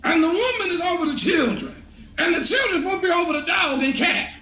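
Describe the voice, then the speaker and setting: A man preaching a street sermon, impassioned, often shouting and laughing as he swings between high and low. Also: expressive, brisk, roomy sound, faint music behind.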